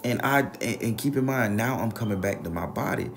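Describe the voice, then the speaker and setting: A man with a low, gravelly voice recounting a story in a loose, slangy way. He swears freely and keeps the telling animated. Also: a little fast. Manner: profane, animated, slangy retelling. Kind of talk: casual spoken storytelling.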